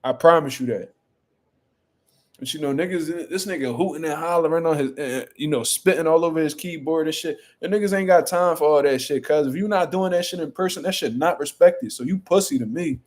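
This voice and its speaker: A man's voice: fairly high pitch, fairly quick, few pauses, darkish tone. A young man hosting a boxing channel, chatting casually on a livestream in a boastful, profane, rambling way.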